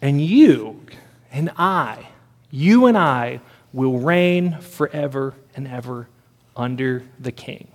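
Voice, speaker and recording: A man's voice: mid-range voice, lively intonation, takes it slowly. A man preaching a sermon to a congregation, earnest and building his points through repeated phrases. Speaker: pastor.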